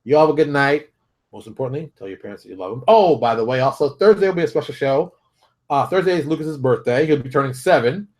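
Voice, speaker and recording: A man hosting his own show, talking straight to viewers in a fired-up, preachy rant full of rapid rhetorical questions. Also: mid-range voice, animated, darkish tone. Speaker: show host. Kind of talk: animated solo commentary.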